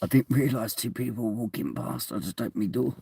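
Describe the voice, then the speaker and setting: A man's voice: medium pitch, animated, fairly quick, gravelly, mellow, a little hiss or hum. Rambling man chatting on stream. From England. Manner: rambling, laughs often, swears casually. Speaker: streamer reading chat. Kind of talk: casual live-stream chat. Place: at home indoors.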